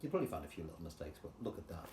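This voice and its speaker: An older man with an English accent, teaching guitar in a chatty, relaxed way and counting rhythms aloud. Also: deep voice, rapid-fire, noisy background. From England. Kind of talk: casual guitar tutorial. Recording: roomy sound with guitar playing.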